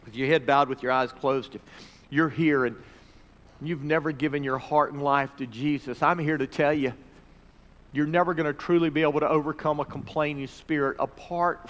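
A male pastor delivers a sermon in a slightly raised pitch. He swings between emphatic, swelling declarations and hushed, earnest appeals. The voice rings out with a long reverb, as in a church sanctuary. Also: fairly even intonation, moderate pace. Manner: preaching with swelling emphasis, dropping to soft pleas. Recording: reverberant hall recording.

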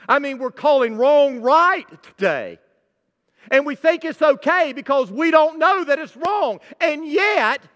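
Pasteur à voix très aiguë et claire. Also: male voice, very high voice, a bit bright. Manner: emphatic preaching, direct address. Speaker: pastor. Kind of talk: sermon. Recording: long church-hall reverb.

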